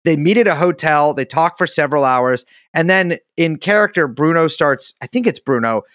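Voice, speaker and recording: A man co-hosting a podcast, his voice sitting a little high and swinging up and down a lot. He rambles, cuts himself off and swears casually. The sound is dry, with no room echo. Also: expressive, moderate pace, a bit bright. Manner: rambling, self-interrupting storyteller, swears casually. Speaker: podcast co-host. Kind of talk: casual joking chat.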